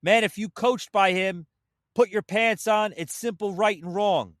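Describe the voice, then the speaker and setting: Slightly out of breath, this opinion podcast host talks a little slowly in a high, fairly bright voice. His sarcastic, heated rant is laced with swearing aimed at his audience, recorded with studio clarity and no room sound.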